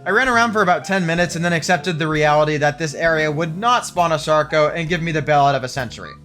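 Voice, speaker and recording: A young man narrating his survival game run and reacting excitedly and sarcastically, swearing often. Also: a little high, quick pace, soft background music. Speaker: gaming video creator. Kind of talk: game commentary with scripted narration.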